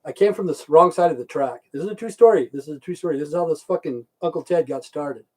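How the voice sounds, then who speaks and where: A man's voice: a little high, fast talker, a little mellow. A middle-aged man telling a rambling, crude story on a livestream, swearing constantly and repeating himself. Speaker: livestream host.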